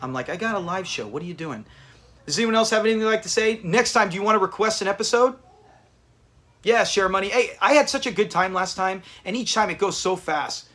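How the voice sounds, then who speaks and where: A man with a high-sitting, fast and slightly bright voice hosts a live watch party, chatting casually with viewers. He is chatty, reads out viewer names to thank them, and restarts often.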